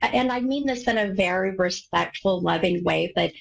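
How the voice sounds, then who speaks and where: A woman's voice: medium pitch, moderate pace, creaky, low-quality recording. An American woman hosting a live call-in psychic radio show, talking in an effusive, gushing way with many fillers. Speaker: radio psychic medium host.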